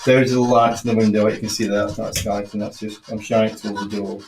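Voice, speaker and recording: A man running a live ghost hunt in an old building at night, calling out questions to the spirits in a half-hushed voice. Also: on the low side, flat delivery, quick pace. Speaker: ghost hunter. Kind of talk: live paranormal investigation. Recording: roomy echo.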